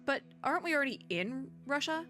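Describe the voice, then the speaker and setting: Woman doing a high, dramatic snake sibling. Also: expressive, brisk, fairly bright tone, faint music behind.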